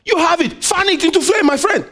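High-voiced preacher calling and answering. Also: male voice, a little fast. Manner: call-and-response, asks the congregation "what?"; swings between loud high exhortation and low quiet asides. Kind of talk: sermon.

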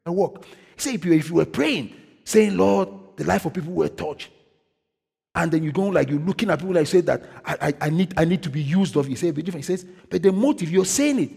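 A man's voice: a little high, animated, fairly quick, vocal fry, mellow, husky. A male pastor preaching a sermon in call-and-response style, often breaking in with "praise the Lord". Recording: long hall reverb.

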